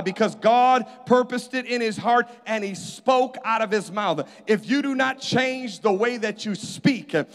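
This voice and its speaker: A man preaching a sermon as pastor, calling out to his congregation for responses. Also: sits high. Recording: hall reverb.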